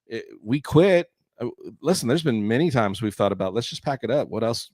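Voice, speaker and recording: A man's voice: medium pitch, animated, a little fast, darkish tone, no echo. A man from California co-hosting a podcast in casual chat, rambling and self-correcting, with a slight crackle in his voice. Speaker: podcast co-host and artist.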